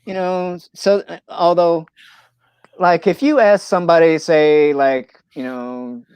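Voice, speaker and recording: A man from Missouri rambles through a casual livestream chat, full of "you know" and restarted sentences. His voice is smooth and clear, recorded dry and close with no room sound. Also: on the high side, fairly even intonation, takes it slowly, a little mellow, no echo. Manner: rambling, many fillers and restarts. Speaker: livestream host.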